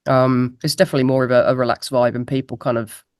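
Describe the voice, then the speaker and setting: A woman guest musician chats casually in an interview, laughing at herself in a self-deprecating way, heard through a laptop mic on a video call. Her voice is very deep and darkish, with flat delivery and a quick pace. The sound is clean and studio-like, with no echo.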